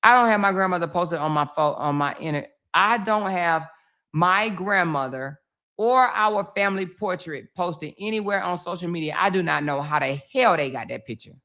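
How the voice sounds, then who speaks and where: Livestream host, woman, chatty storyteller, low-ish voice, swears freely. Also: lively intonation, normal speed, bright, forceful tone. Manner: chatty storytelling, swearing, acts out others' lines. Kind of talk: casual livestream commentary.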